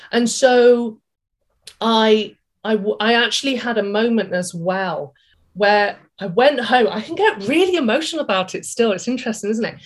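Chatty woman in her 40s, interview guest, animated storyteller who voices her own past thoughts. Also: a little high, normal speed. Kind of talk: candid personal story in a podcast interview.

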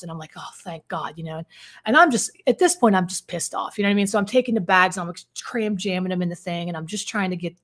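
A woman's voice: on the low side, a bit bright. A woman, a relationship coach, telling a personal story to her viewers in a casual, vivid way, with plenty of fillers and some swearing. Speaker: codependency coach.

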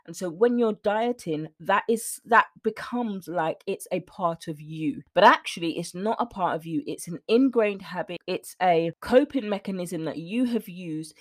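A woman hosting a podcast as a mindset coach, talking earnestly and emphatically, at times emotional. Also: lowish voice. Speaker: weight loss mindset coach, podcast host. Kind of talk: motivational solo talk.

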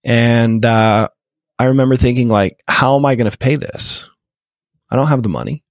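A man's voice: mid-range voice, steady tone, moderate pace, no room sound, studio quality. A man in his thirties, a podcast guest telling an emotional personal story with many repeated false starts. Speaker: podcast guest, real estate investor.

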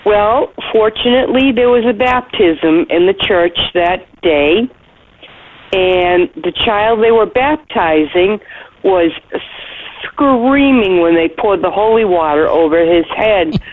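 A middle-aged woman leaving a voicemail, telling a heartfelt personal story in a slow, earnest way with soft pauses. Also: medium pitch, lively intonation. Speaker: listener leaving voicemail feedback. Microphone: phone. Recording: tinny phone line, faint hiss.

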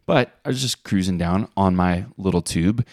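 A middle-aged man co-hosting a podcast, telling animated stories and acting out the voices he quotes. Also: low-pitched, moderate pace, dry recording, clean studio sound. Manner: animated storyteller, acts out quotes. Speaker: podcast co-host. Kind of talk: casual chat.

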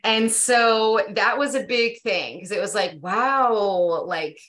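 A woman guest on a podcast, candidly telling a personal story in a lively, casual way. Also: medium pitch, slow pace. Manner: animated, candid, many "like" fillers. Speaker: podcast guest, yoga teacher.

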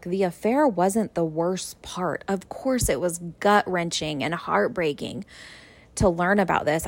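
Gravelly low-voiced woman telling her story. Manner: candid, emotional, acts out quoted voices. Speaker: podcast host. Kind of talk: personal storytelling.

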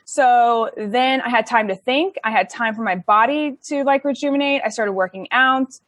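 A woman's voice: a little high, moderate pace, a bit bright, dry recording, studio quality. A young woman telling her story in a chatty, casual way, with many likes and ums and laughs between phrases. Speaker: interview guest.

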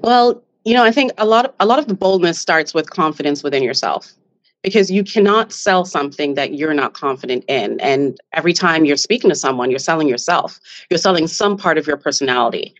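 A woman from Jamaica, a podcast guest talking with confidence and an animated lift, laughing often. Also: low voice, brisk, dry recording, lo-fi sound. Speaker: guest, business founder. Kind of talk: podcast interview.

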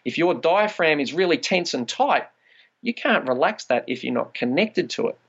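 A man's voice: on the high side, lively intonation, moderate pace, creaky, fairly bright tone, breathy edge, highs cut off. A man, a trauma release practitioner, explaining body practices in a conversational podcast interview and acting out quoted inner voices.

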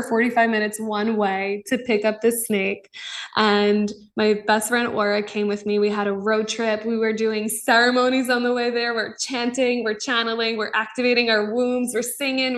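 A young woman hosting a podcast, talking in an earnest, raw and excitable way about her spiritual life, often breaking into laughs. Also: a little high, far from the mic. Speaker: podcast host. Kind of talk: casual spiritual monologue.

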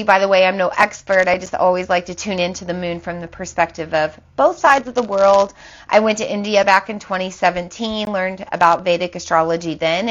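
A woman's voice: medium pitch, fairly bright tone. A woman in her thirties hosting an astrology livestream, talking casually and loosely, often tagging "right?" onto her sentences. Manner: chatty, loose, lots of "like" and "right?". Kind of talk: casual spiritual talk on a livestream. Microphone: phone or laptop mic. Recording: slightly dull livestream audio.

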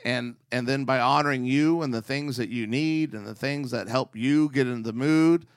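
A man with a middle-pitched voice tells a story to his wife in a playful, joking way. The recording is dry and close, with no room echo. He sounds at ease, like a podcast co-host. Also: normal speed, smooth. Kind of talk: casual chat with his wife.

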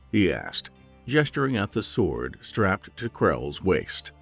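A man narrating a fantasy audiobook in an expressive storytelling manner. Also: low voice, slow, creaky, slightly rough, faint music behind.

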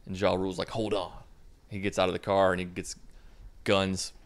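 A man's voice: low voice, completely flat delivery, a little fast. A young man casually recapping a movie in a sarcastic, mocking way. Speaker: movie reviewer.

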